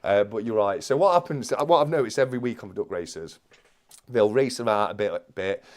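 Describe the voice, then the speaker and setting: A man hosting a live stream, excitedly calling an online race and chatting with his guest. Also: lowish voice, brisk. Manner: excitable, shouting commentary.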